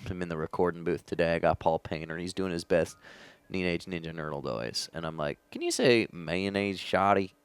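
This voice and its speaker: A man voicing a laid-back male phone caller with a low drawling put-on voice. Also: a little fast, clean tone, no room sound.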